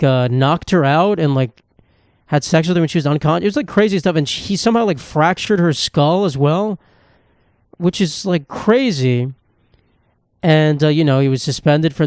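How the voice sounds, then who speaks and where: A man talks solo into a podcast mic, ranting profanely and looping back on himself with many restarts. His voice sits a little higher than usual for a man. The sound is close and dry. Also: a little mellow, no room sound. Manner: profane, rambling rant with restarts. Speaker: podcast host. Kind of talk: casual comedic monologue. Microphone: podcast microphone.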